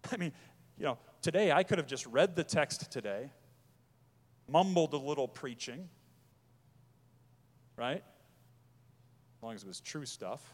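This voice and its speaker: Pastor guy preaching, kinda high voice for a man, swings from urgent pleading to quiet, echoey church hall. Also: expressive, unhurried, pauses often. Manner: emphatic, rising to urgent pleas then dropping low. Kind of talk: sermon.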